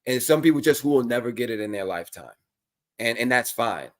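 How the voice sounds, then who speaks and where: A man's voice: medium pitch, fairly quick. Easygoing man talking about money and mindset. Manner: animated storytelling, acts out quotes in exaggerated voices. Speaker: podcast co-host. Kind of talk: casual conversational talk.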